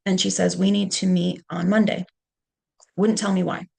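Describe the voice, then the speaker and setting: A middle-aged woman with a deep, heavily gravelly voice and a husky edge. She speaks in a conversational storytelling manner and often checks in with "okay". This is a leadership presentation. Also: flat delivery, normal speed, darkish tone. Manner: conversational, punctuates points with "okay".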